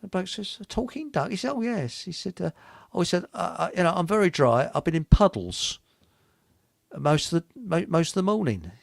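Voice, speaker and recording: A man's voice: high-pitched, big pitch swings, normal speed, creaky, no echo, studio quality. A man hosting a radio talk show, chatting casually and telling rambling pub jokes with chuckles and stumbles. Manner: chuckling, rambling joke-teller who stumbles over lines.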